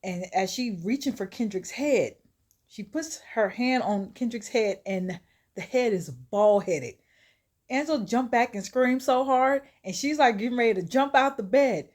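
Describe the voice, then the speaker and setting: A woman's voice: a little high, lively intonation, a little slow, a little mellow. Chatty woman telling a story. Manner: chatty, laughs often, asides to viewers. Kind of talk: casual spoken storytelling.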